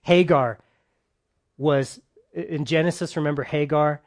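A man preaching a conversational sermon who keeps asking his listeners questions and swings between loud, emphatic bursts and quiet, soft stretches. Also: on the high side, fairly even intonation, a little slow.

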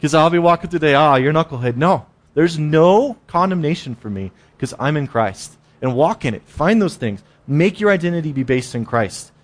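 A man's voice: fairly high pitch, expressive, normal speed, few pauses. A man giving a casual, conversational sermon, often repeating words and acting out inner voices. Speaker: preacher.

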